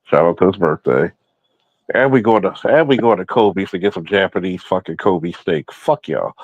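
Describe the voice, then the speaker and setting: A man's voice: sits low, normal speed, dry recording, lo-fi sound. A man co-hosting a casual pop-culture chat, talkative and explaining comic lore. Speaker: podcast co-host.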